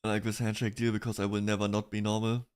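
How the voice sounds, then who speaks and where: A man's voice: on the low side, monotone, fast talker, darkish tone, smooth. Rambling male streamer chatting casually. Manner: rambling, restarts, frequent laughter. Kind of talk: casual chat reacting to online drama.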